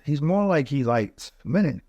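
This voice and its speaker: A man's voice: on the high side, lively intonation, a little slow, darkish tone, no room sound, muffled recording. A man speaking as a podcast guest, telling a personal story in a loose, conversational way with frequent "you know" asides.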